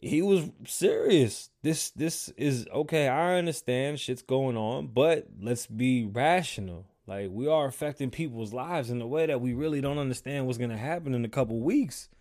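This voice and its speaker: A man hosts his own show live and rants casually about the news. He swears freely and jumps from low mutters to loud outbursts. His voice sits at an ordinary pitch for a man. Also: moderate pace, few pauses. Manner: profane, animated ranting with sudden loud outbursts. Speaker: podcast host. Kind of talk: casual livestream monologue.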